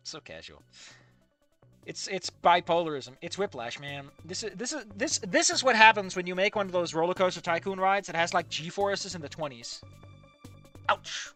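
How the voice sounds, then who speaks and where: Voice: medium pitch, expressive, normal speed, bright, forceful tone, soft background music. A game commentator giving sarcastic, exasperated commentary on a visual novel, often laughing at the writing. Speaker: let's play commentator.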